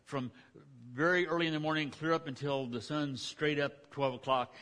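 A pastor preaching a sermon, retelling a scripture story in a folksy, conversational way with frequent restarts. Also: male voice, fairly high pitch, moderate pace, a bit bright.

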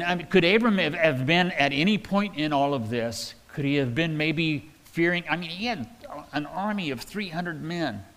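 A man's voice: a little high, big-room sound. A man preaching a verse-by-verse sermon in a conversational, folksy way, retelling scripture in everyday words. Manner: conversational, folksy, with restarts and paraphrased quotes. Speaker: pastor.

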